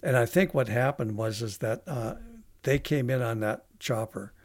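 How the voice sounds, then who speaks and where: A man, a veteran guest on a podcast, telling a long story in a halting way with many restarts. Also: mid-range voice, dry recording. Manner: halting, with frequent restarts and fillers. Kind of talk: casual storytelling interview.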